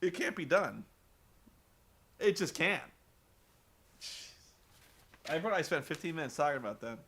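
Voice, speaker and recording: A man gives a casual, comedic wrestling recap, laughing and swearing offhandedly. His voice is high and bright and swings widely in pitch. The delivery stays animated. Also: unhurried.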